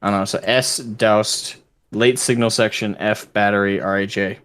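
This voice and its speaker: A man's voice: lowish voice, moderate pace. A man co-hosting a livestream, chatting casually, cracking jokes and reading war stories aloud. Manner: joking, animated, slips into mock voices. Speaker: livestream co-host and story reader.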